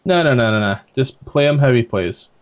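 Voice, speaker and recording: A man's voice: medium pitch, animated, a little fast. A man with a Scottish accent recapping a tabletop game as dungeon master, rambling with lots of ums and casual swearing.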